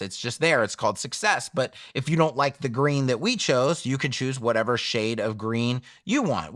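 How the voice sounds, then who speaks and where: A man's voice: medium pitch, sharp tone, no echo, studio quality. A man teaching a screen-share web design tutorial in a casual, conversational way, often asking himself questions and then answering them. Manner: conversational, asks and answers his own questions.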